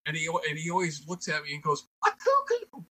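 An older man, a comedian, chatting casually with lively, jokey storytelling. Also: on the high side, fast, rough recording. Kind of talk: casual chat.

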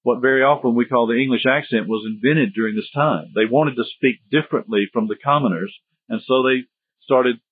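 A man's voice: mid-range voice, breathy edge, dry recording. A man giving a history lecture in a conversational, digressive way with joking asides. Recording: tinny phone-like dry sound.

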